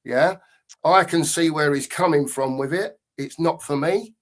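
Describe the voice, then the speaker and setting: A man's voice: fairly high pitch, measured pace. A man in a casual football fan chat, rambling and thinking aloud with fillers.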